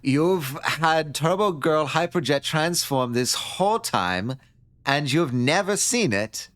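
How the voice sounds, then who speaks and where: A man doing a slow, mock-accented cartoon-loving kid. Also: fairly high pitch, lively intonation, fairly bright tone, pitched above the performer's own voice. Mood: excited. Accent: mock Tommy Wiseau-style European accent. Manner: slow, drawn-out, affected delivery. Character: shy young cartoon-loving colonist kid. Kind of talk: acting out a visual novel character.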